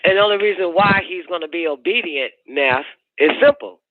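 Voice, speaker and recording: A man's voice: high voice, fairly quick, a little hiss or hum. A man hosting a call-in radio show, delivering a profane, preachy monologue and repeating his points. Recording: dry, narrow phone-like sound.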